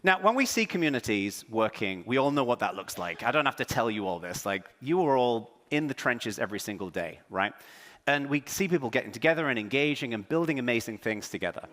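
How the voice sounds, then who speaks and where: A man from England with a half-English, half-American accent, giving a joking, self-deprecating, energetic conference keynote on stage. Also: mid-range voice, fairly quick, big-room sound. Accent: English with American influence. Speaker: keynote speaker. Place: large conference hall on stage.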